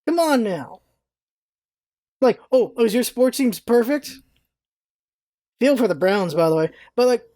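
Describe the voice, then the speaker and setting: A woman ranting in a casual vlog, animated and exasperated, laughing often and swearing freely. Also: a little high, no room sound, studio quality. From United States. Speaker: vlogger, show host.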